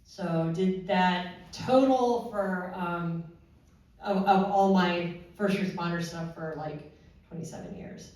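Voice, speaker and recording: A woman, a former first responder, shares her own story at a panel in a halting way, with many fillers and restarts. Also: fairly low pitch, a little mellow. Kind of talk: personal testimony at a panel. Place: large echoey room at a panel event. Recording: very echoey hall from far off.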